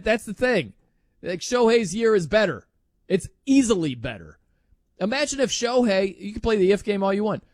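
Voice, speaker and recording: A man's voice: sits high, darkish tone, dry recording. A man hosting a sports talk show, arguing emphatically with incredulous outbursts and frequent laughs. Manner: emphatic, incredulous, laughs often, mimics others. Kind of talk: animated sports talk monologue.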